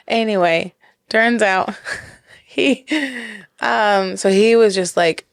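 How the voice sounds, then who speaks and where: A woman co-hosting a casual podcast chat, telling a story with a giggly, animated manner and acting out the quotes. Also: medium pitch, measured pace, clean tone, no room sound, clean studio sound. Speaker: podcast co-host.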